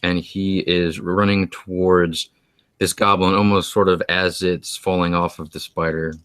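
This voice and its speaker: A man playing a tabletop game, narrating his character's actions in a deliberate way. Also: low voice, little pitch movement, a bit bright, clean tone. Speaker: player.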